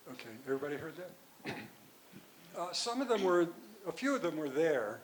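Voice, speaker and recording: An older man, a physician and author, answering audience questions at a conference in a rambling, halting way with many restarts. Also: fairly high pitch, sing-song, low-quality recording. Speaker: guest speaker, physician and author.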